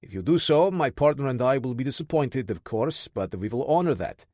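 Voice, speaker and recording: A calm male interrogator, voiced by an audiobook narrator, coldly polite and measured with a quiet menace. The read is close and dry. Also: mid-range voice, dry recording, close to an everyday voice.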